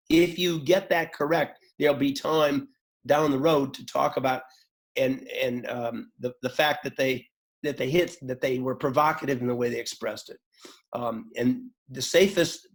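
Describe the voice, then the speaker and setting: A man teaching a webchat on working with upset people in groups, explaining thoughtfully with fillers and restarts, now and then acting out the voices in his examples. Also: mid-range voice. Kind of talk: webchat talk.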